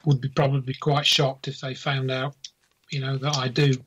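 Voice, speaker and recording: A man talking earnestly in casual chat, halting at first, then emphatic. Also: medium pitch, flat delivery, fairly bright tone, slight background noise. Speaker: guest. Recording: dull lo-fi audio.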